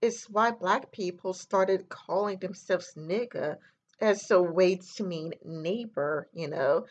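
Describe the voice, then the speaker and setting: A woman's voice: on the low side, slow, dull audio. A woman talking straight to camera in a casual opinion monologue, rambling and earnest, with lots of "you know" and "like". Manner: earnest, lecturing. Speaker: vlogger.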